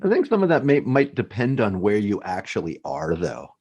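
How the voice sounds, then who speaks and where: Low-voiced male host, joking. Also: wildly swooping pitch, moderate pace, a little mellow, breathy edge, lo-fi sound. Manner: joking, friendly questions. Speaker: podcast host. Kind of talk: casual interview.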